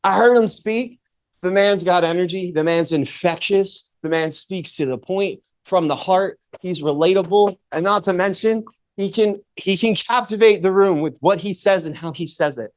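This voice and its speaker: Energetic man introducing a speaker. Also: sits high, moderate pace. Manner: energetic, laughing, theatrical retelling.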